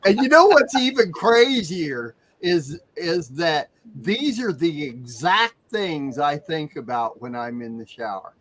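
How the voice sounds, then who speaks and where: A man's voice: fairly high pitch, big pitch swings, takes it slowly, few pauses, a bit bright, slight background noise. A man hosting a studio show, chatting in an easygoing way. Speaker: show host. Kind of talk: casual studio chat.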